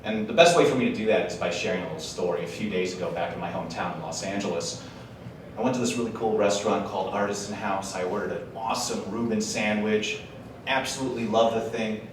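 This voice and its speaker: A fast-talking Wisconsin man with a lowish voice gives a casual, joking speech to a live audience in a large conference hall. Chatty and full of slangy asides, he's picked up by a distant mic in the echoey room, with slight background noise.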